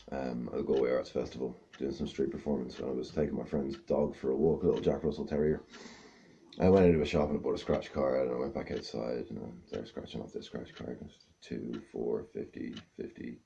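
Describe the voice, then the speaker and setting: A man's voice: very deep voice, gravelly, warm tone, dull audio. A man doing stand-up, telling a long rambling story with self-mocking asides. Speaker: stand-up comedian.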